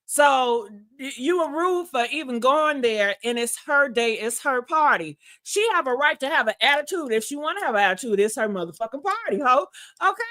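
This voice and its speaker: A woman's voice: sits high, lively intonation, fairly quick, sharp tone. A woman hosting a casual celebrity gossip livestream, sassy and messy, talking straight to her viewers and laughing at herself. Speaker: host.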